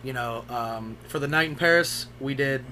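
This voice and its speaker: A young man co-hosts a podcast, spinning loose, profane stories and laughing along in casual chat. His voice sits at medium pitch with a sharp tone, moving at a normal speed over slight background noise.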